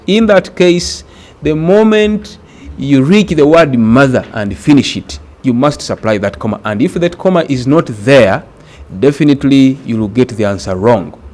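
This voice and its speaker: A man from Uganda teaching an exam-prep grammar lesson, speaking deliberately and repeating words for emphasis. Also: mid-range voice, lively intonation, darkish tone.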